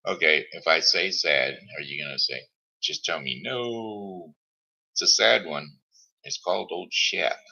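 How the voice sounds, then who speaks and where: A man's voice: rumbling low, moderate pace, creaky, bright, forceful tone, slightly rough. A man from Missouri hosting a live show, chatting casually in a rambling, self-deprecating way. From Missouri, United States. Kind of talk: casual live-stream chat. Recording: dull lo-fi stream audio.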